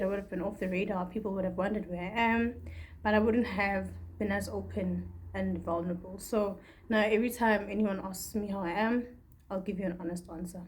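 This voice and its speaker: A woman's voice: mid-range voice, darkish tone. A young woman from Africa, talking through a candid, rambling personal video diary. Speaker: vlogger.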